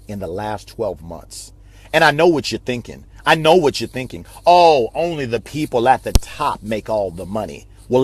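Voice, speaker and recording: A man giving a passionate, repetitive motivational talk on a live video stream, like a preacher. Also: medium pitch. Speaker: network marketing speaker.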